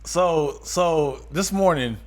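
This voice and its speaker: A man co-hosting a podcast in casual chat, an animated storyteller who slips into loud impressions. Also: a little high, takes it slowly, a little hiss or hum. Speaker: podcast co-host.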